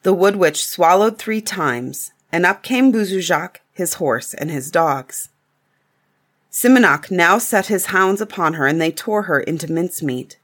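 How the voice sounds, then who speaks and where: Lady reading an old fairy tale, calm and even, lowish voice. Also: unhurried. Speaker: storyteller. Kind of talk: storybook reading.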